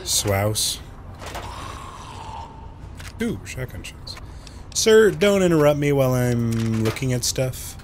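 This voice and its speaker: Brief: male let's play host, slow and animated, swears and cracks jokes, game noise clearly heard. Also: medium pitch. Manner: joking, swearing, quick reactions to the game. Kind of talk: gameplay commentary.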